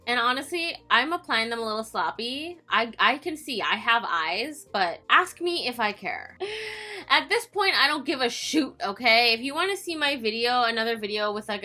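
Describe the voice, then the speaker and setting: A tired young woman chatters through a makeup swatch vlog, giggling and mocking herself. Her voice is bright and sits a little high. Faint music plays under her. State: tired late at night. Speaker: beauty vlogger.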